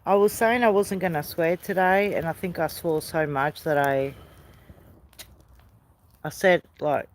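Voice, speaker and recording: A woman's voice: fairly low pitch, measured pace, pauses often. A woman hosting a casual live stream outdoors by a night fire, chatting with viewers, greeting them by name and laughing often. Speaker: livestream host.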